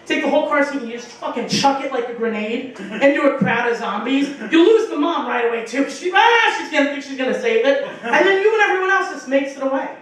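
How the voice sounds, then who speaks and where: A woman's voice: sits high, animated, fast talker, few pauses. Woman, young adult, stand-up comic, rambling, profane, distant mic, heavy room echo. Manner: rambling, profane, full of fillers, acting out voices. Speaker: stand-up comedian. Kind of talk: stand-up comedy set. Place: small bar stage. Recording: echoey bar room from a distance.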